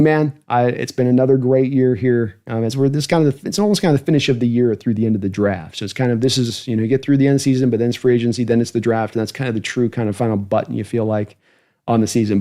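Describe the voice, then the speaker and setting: A man's voice: medium pitch, mellow. A man hosting a football fan livestream, talking casually and rambling as he runs through his rankings and thanks viewers for donations. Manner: rambling, chatty, thanking donors.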